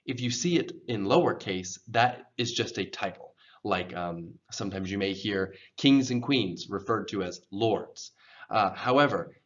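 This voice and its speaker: A man teaching English pronunciation in a slow, careful lesson, patiently repeating words for learners. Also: on the low side. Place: church program video. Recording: dull, lo-fi sound.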